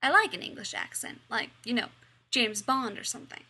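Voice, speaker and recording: A woman reading the lines of a snobby, sarcastic teenage high school girl in a snippy way. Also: lively intonation, a little fast, pushed and bright, slightly rough, heavily acted.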